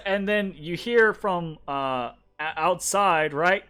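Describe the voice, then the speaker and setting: A game master narrating a tabletop game in an unhurried, hesitant way, with fillers and asides to the players. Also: mid-range voice, sharp tone, smooth.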